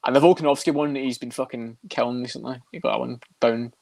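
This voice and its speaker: A man's voice: mid-range voice, fairly even intonation, creaky, a little mellow, dry recording. A young Scottish man with a Scottish accent in a casual podcast chat, swearing a lot as he talks. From Scotland. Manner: swears constantly, quick and chatty. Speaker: podcast co-host.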